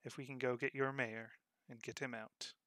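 A man voicing a brisk male smuggler ally who talks in a raised, hurried voice in a tabletop game. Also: mid-range voice, level tone, sharp tone, lightly acted.

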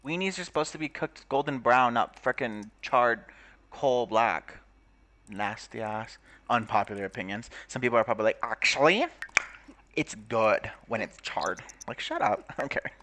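A man's voice: medium pitch, moderate pace, a bit bright, slight background noise. A young man giving casual, crude commentary while playing a game, swearing, laughing and reading game text aloud. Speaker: gaming YouTuber.

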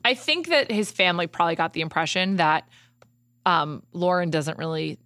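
A woman host chatting casually on a podcast, animated and full of "like" fillers, into a studio mic. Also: lowish voice, moderate pace, dry recording. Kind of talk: casual chat.

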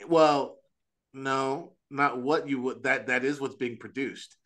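A man speaking as an Orthodox priest on a podcast, earnest and animated, with frequent restarts and quick asides. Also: medium pitch. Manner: earnest, animated, acts out quoted voices. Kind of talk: casual religious discussion.

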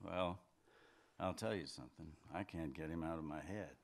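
A man reading fiction aloud, voicing a brooding husband who hedges and stumbles before he answers. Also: low voice. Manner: hesitant, halting, defensive. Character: defensive husband, brooding and evasive. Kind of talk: literary reading, acted dialogue.

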